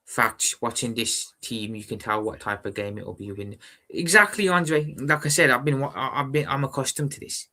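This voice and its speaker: A young man hosts a fan live stream in a bright, forward voice. He talks in a calm, measured way and often repeats his phrases. He chats casually with viewers and calls them brother. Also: medium pitch. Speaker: football fan livestream host.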